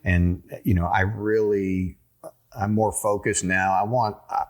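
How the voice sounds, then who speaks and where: A man's voice: fairly low pitch, little pitch movement, unhurried. A man, a winery owner telling a rambling story in a casual interview, full of fillers and restarts.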